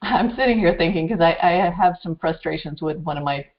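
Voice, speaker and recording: A woman's voice: fairly low pitch, brisk, lo-fi sound. A woman hosting a talk show, reflecting aloud in a conversational way with small restarts. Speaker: host. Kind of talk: conversational interview.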